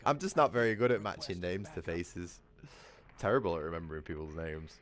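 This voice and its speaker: A British streamer whose voice sits low and a bit bright speaks fairly quickly. Chatting casually on his gaming livestream, he rambles, swears a lot, and often asks "you know what I mean."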